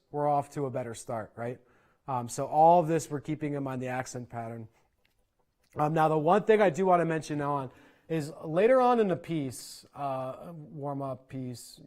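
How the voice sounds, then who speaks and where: A man teaching percussion in an online clinic, explaining in a relaxed conversational way and often checking in with "right?". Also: fairly high pitch. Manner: conversational, frequent "right?" check-ins and fillers. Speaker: percussion instructor.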